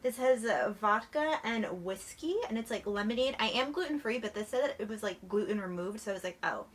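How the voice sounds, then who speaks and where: A woman's voice: a little high, expressive, fairly quick. A young woman from New Jersey, chatting casually to her camera while she eats, bubbly and full of "like" and "literally.". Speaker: YouTuber. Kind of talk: casual chat while eating. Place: alone in a room at home.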